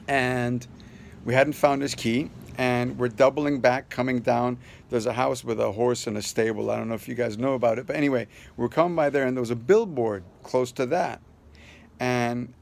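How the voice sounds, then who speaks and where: Gravelly man telling a rambling story. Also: mid-range voice, slight background noise. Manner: loose and rambling, with many fillers and restarts; earnest, upbeat sign-off. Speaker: vlogger sharing a personal story. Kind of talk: casual personal storytelling.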